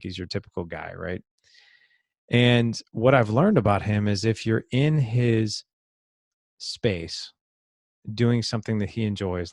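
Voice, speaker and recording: A middle-aged man with a low, gravelly voice talks through a personal story as a podcast guest. He is earnest and reflective and restarts phrases as he thinks. His voice sounds close and dry, with no room around it. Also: darkish tone, no echo. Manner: earnest, reflective, repeats words while thinking. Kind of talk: conversational storytelling.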